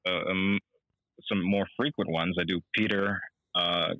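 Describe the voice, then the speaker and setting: Young guy voice actor, really deep but bright tone, animated, dry close mic. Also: normal speed, no room sound, dull audio. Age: young adult. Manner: animated, breaks into character voices. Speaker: voice actor guest. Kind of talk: casual interview.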